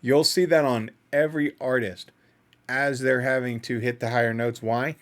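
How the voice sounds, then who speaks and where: A man's voice: mid-range voice, steady tone, normal speed. A man hosting a casual music reaction video, thinking aloud in an analytical, self-doubting way.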